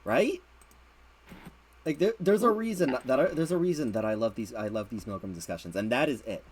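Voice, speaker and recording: A man's voice: mid-range voice, a little fast, breathy edge. A man hosting a casual late-night stream chat, rambling and repeating words, laughing often. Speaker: streamer host.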